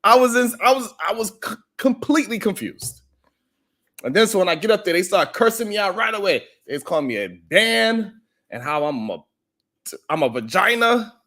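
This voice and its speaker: A man hosting a live stream tells a long story in a high voice with a wide, swooping range. He acts out the voices of the people in it and breaks off to greet viewers in his chat by name. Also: sing-song, moderate pace, sharp tone. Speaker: live stream show host. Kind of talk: animated live stream monologue.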